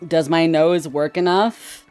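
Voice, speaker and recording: A man live-streaming, chatting casually with his viewers, swearing often, and swinging between loud and quiet. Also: on the high side, steady tone, slow, clear, resonant tone, faint music behind.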